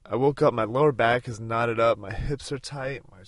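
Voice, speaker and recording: A man's voice: mid-range voice, moderate pace, no echo. Casting: man in his thirties, podcast host, casual road-trip chat, dry close sound, rambling. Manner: rambling, with many fillers and restarts.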